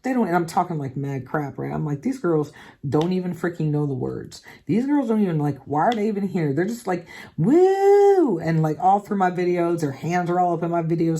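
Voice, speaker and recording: A woman's voice: low-pitched, warm tone. Chatty woman telling a crafting-vlog story. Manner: chatty, candid storytelling with swearing. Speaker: diamond painting channel host. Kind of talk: casual chat while crafting.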